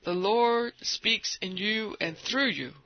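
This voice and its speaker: Preacher, male, high voice, playful questioning sermon style, muffled lo-fi sound. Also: slow. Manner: teasing questions to the congregation.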